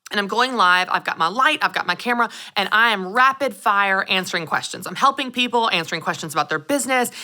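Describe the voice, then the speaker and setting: Animated woman, thirties, motivational host talking to camera; bright tone. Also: on the low side. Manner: animated storytelling, addresses the audience directly. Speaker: show host and business coach.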